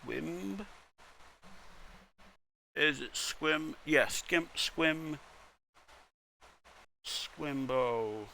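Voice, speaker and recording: Slow, creaky-voiced man reading posts. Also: a little high, sharp tone, a little hiss or hum. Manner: wry, swears casually, mutters to himself. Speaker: content creator reading posts. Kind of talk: casual commentary, reading posts aloud.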